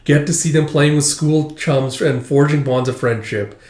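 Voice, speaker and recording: A man reading the lines of a polite, proper old butler with a measured, formal delivery, close to his own voice. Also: on the high side, a little mellow, echoey room, close to an everyday voice.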